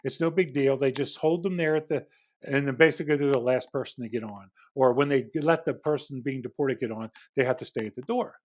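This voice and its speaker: A man's voice: mid-range voice, a little fast, darkish tone. A middle-aged man, a former security agent, telling a long anecdote as a podcast guest, with frequent restarts and acted-out dialogue. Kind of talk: casual storytelling in a podcast interview.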